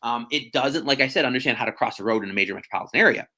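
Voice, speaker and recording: A man, a real estate agent chatting as a podcast guest, animated and self-deprecating with quick asides. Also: mid-range voice. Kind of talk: casual podcast conversation.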